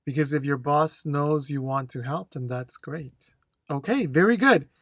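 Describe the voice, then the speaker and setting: Test-prep instructor, very slow, deliberate, keeps checking in with the class, dry close sound. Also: mid-range voice, no echo. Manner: slow, deliberate, checks in with "okay?" after each point; reads a model answer aloud with careful intonation. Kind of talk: speaking test tutorial.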